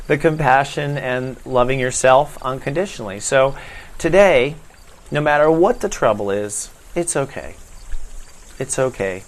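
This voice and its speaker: A middle-aged man hosting his own spiritual video series, talking gently and reassuringly to camera in a casual way. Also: mid-range voice. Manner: gentle, reassuring, repeats a soothing phrase. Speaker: spiritual vlog host. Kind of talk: casual spiritual vlog talk.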